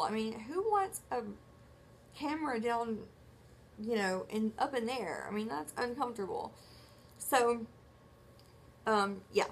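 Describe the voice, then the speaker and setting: A woman's voice: a little high, lively intonation, measured pace, long pauses, a little hiss or hum. A woman vlogger telling a personal story in casual, rambling chat, correcting herself often. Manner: chatty, rambling storyteller who acts out quoted dialogue; self-correcting, filler-heavy.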